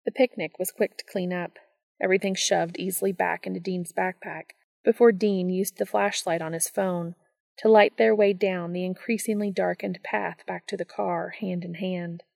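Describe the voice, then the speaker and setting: Woman reading a love story out loud, lowish gravelly voice, calm and soft. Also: moderate pace, no echo. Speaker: narrator. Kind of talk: reading a romance story aloud.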